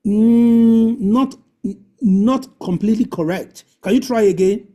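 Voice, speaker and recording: A man's voice: sits high, slow pace, warm tone. A man hosting an online language class over a video call, repeating points and coaching pronunciation. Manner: repetitive, coaching, drills pronunciation. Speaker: webinar host.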